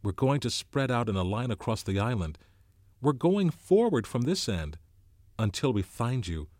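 A man voicing a nervous teenage boy, one of twins, giving hushed, nervous instructions. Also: medium pitch, sing-song, moderate pace, dry recording, studio quality, pitched above the performer's own voice. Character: nervous teenage boy Eric, a twin, warning a friend.

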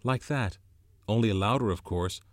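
A man voicing a nervous teenage boy, one of twins, giving hushed, nervous instructions. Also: fairly low pitch, measured pace, no room sound, clean studio sound, natural voice. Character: nervous teenage boy Eric, a twin, warning a friend.

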